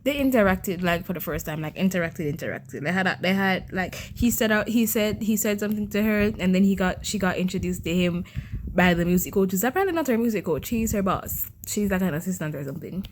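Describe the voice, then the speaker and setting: A young woman chatting on her book vlog in an ordinary middle pitch, sounding exasperated. She stumbles over her words, repeats herself and keeps throwing rhetorical questions at the audience. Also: fairly quick, a little hiss or hum. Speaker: book vlogger. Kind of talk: casual reading vlog to camera.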